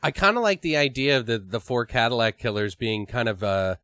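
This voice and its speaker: A man talks through ideas in a loose, rambling way, swearing and laughing as he goes. His pitch sits in the middle range for a man. The recording is dry and close, with no room sound. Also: fairly quick, fairly bright tone, dry recording. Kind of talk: casual brainstorming chat.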